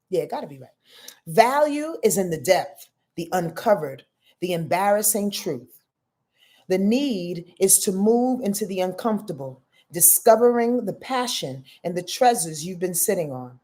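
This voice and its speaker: A woman's voice: mid-range voice, lively intonation, measured pace, mellow. Streetwise, emphatic woman astrologer. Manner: emphatic, profane, streetwise, calls out to the audience. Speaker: astrologer hosting a weekly livestream. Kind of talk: casual spiritual talk to a live audience.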